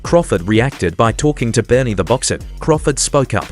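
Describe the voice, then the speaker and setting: A man narrates sports news in a steady, matter-of-fact reading. His voice sits at an ordinary middle pitch. Soft music plays faintly under him. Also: normal speed. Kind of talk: scripted narration. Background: faint background music.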